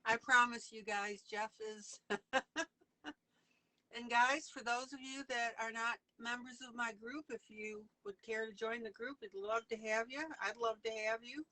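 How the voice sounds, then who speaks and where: A woman's voice: on the high side, fairly even intonation, normal speed, pushed and bright, low-quality recording. A woman hosting a live online stream, chatty and greeting her viewers by name on a video call. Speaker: host of a live coloring stream. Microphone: webcam or computer mic on a video call.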